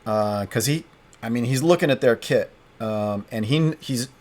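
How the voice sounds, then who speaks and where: A man playing a tabletop game solo, narrating as he thinks aloud, halting and restarting often. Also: mid-range voice, darkish tone. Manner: halting, hesitant, frequent restarts.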